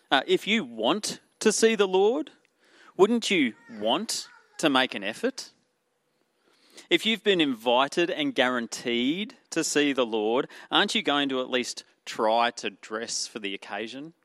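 A man's voice: mid-range voice, fairly bright tone, no room sound. A man with an Australian accent preaching a sermon in an earnest way, asking rhetorical questions and using fillers.

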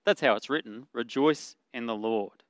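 A man delivering a sermon in an earnest, conversational manner at a middling pitch. He corrects himself mid-sentence and goes quieter when quoting scripture. The sound is dry and close. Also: moderate pace, no room sound. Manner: earnest, conversational preaching with fillers and self-corrections. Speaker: pastor.

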